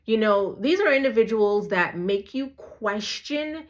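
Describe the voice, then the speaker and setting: A woman's voice: mid-range voice, lively intonation, unhurried. A woman vlogger giving casual, emphatic advice to camera, asking rhetorical questions and tagging points with "right?" and "you know". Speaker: YouTube vlogger.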